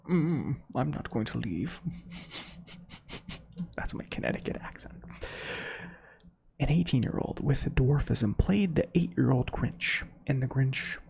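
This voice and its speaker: A man hosting a soft-spoken ASMR reading of facts, softly whispering with chatty asides. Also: mid-range voice, vocal fry, breathy edge. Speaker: ASMR host.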